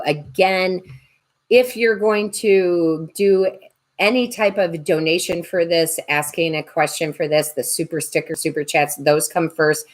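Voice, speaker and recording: A woman tarot reader and medium chatting on a livestream, joking and reading viewer comments aloud. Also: lowish voice. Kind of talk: casual livestream chat.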